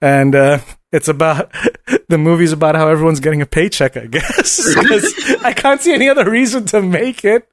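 A man's voice: on the high side, animated, moderate pace, no echo, clean studio sound. Film-obsessed man swearing through casual chat. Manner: swears freely, quotes movie lines. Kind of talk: casual chat about films.

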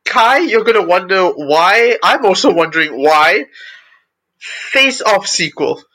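A man's voice: sits high, animated, unhurried, bright, forceful tone, poor audio. A man in casual chat about films, bringing up news and checking release years.

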